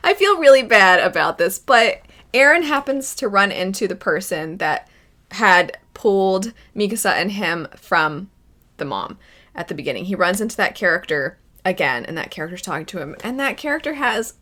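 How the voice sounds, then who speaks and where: Bright-voiced, chatty woman vlogger. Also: mid-range voice, moderate pace. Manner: chatty, animated, slips into character voices. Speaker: anime reaction vlogger. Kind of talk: casual reaction commentary.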